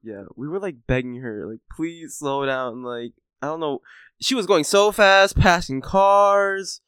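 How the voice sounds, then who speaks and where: A young man co-hosting a podcast in casual chat, quick to laugh and a little defensive. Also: on the high side, fairly bright tone, smooth, dry recording, studio quality. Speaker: podcast co-host.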